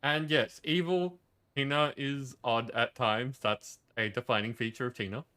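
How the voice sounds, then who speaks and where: A man's voice: medium pitch, fairly even intonation, measured pace, pushed and bright, clear, resonant tone. A male streamer chatting casually over gameplay, joking and greeting viewers in chat by name.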